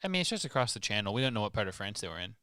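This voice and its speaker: A man's voice: lowish voice, sing-song, racing, pushed and bright, clean tone, dry recording, studio quality. A man co-hosting a podcast, chatting casually about a book and riffing jokes with his co-host. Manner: jokey, riffs with goofy bits. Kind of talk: casual book-discussion chat.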